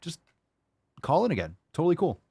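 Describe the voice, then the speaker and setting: A man's voice: a little high, huge pitch swings, fairly quick, vocal fry, dark tone, husky, no echo. A man hosting a live call-in podcast, answering listener questions in a loose, rambling way, swearing freely and filling his talk with "like" and "you know.". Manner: loose, rambling and profane, with many fillers.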